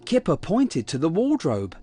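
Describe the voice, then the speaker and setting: Slow, lively children's story reader. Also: male voice, on the high side, husky. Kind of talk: children's story read aloud.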